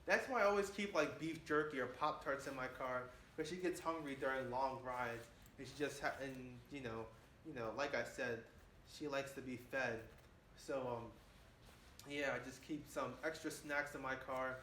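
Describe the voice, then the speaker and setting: A man's voice: medium pitch, steady tone, normal speed, fairly bright tone. A man in his twenties rambling boastfully in a casual monologue, often saying "man". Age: 20s. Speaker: vlogger. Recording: echoey room with faint hiss.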